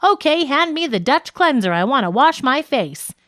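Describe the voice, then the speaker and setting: A woman's voice: high-pitched, big pitch swings, moderate pace, fairly bright tone, no room sound, studio quality, pitched above the performer's own voice. A woman reading aloud in a tough-girl voice as a bossy, brash young woman from a radio sketch.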